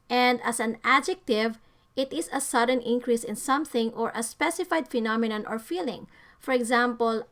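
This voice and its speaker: Higher-voiced woman teaching English vocabulary. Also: a bit bright. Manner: careful, deliberate, stresses example words. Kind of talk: scripted vocabulary lesson narration.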